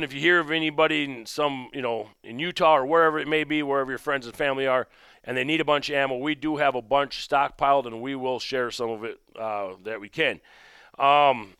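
A man hosting his own podcast, telling a story in a rambling, conversational way and dropping low and quiet when he recounts his own remarks. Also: smooth, dry recording, clean studio sound. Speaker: podcast host and gun shop owner. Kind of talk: casual storytelling monologue.

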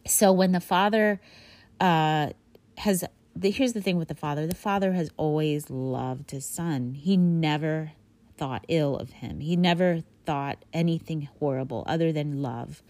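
A woman's voice: deep voice, a little slow, a little mellow. A woman retelling a Bible story in a casual, rambling way, full of fillers. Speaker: Bible teacher.

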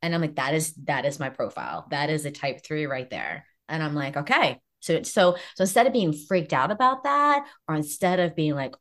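A woman therapist talking as a podcast guest, animated and acting out her own inner voices. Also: low-pitched, moderate pace, few pauses. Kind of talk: casual podcast chat.

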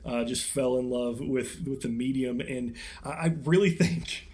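A young man hosting a movie podcast, talking loosely and casually. He wanders through his points with fillers and false starts, often breaking into laughter, at an ordinary middle pitch. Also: a little slow, a little mellow. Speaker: podcast co-host. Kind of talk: casual chat.

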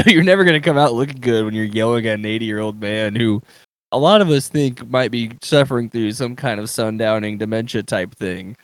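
A man's voice: mid-range voice, a little fast, no echo. A man co-hosting a sports podcast, chatting in an easygoing way and laughing often between phrases. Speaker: podcast co-host. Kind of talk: casual sports chat.

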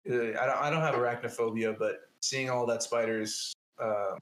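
Podcast guy, kinda hesitant, lots of ums, mid pitch. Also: fairly even intonation, moderate pace, a bit bright, slight background noise. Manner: hesitant, many fillers, laughs often. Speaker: podcast co-host. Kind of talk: casual chat.

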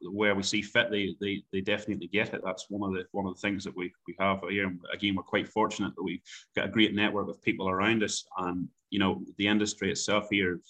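Halting Irish man, bright voice. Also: deep voice, flat delivery. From Ireland. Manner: halting, many repeated words and ums. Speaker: stud farm manager. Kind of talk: phone interview chat.

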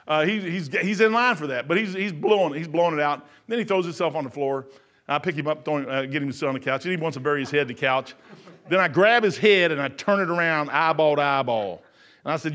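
An older man preaching a folksy sermon, telling stories and swinging from quiet muttering to loud, emphatic lines. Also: high voice.

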